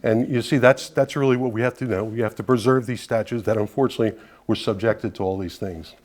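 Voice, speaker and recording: A man's voice: fairly low pitch, steady tone, fast talker, darkish tone. A man leading an advocacy group, giving a conversational, persuasive talk to an audience and often dropping in asides. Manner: earnest, persuasive, with frequent "you know" asides.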